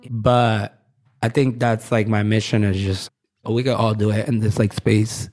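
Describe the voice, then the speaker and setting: A man's voice: on the low side, steady tone, normal speed, a little mellow. A man from Brooklyn, a designer telling stories in a casual interview, rambling with lots of fillers and sometimes getting emotional. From Brooklyn, New York. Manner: candid, rambling, many "like" fillers; gets emotional, laughs often. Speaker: fashion designer guest.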